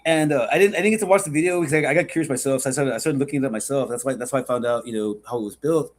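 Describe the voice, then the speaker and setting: A man's voice: mid-range voice, racing. A man co-hosting a casual podcast, rambling with stammered restarts, swearing and getting worked up. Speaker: podcast co-host. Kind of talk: casual profane podcast chat.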